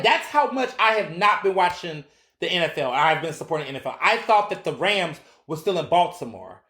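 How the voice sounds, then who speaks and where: A man hosting his own podcast, giving casual, animated solo commentary with profanity and acted-out quotes. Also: high-pitched, fairly quick. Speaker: podcast host. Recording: roomy echo.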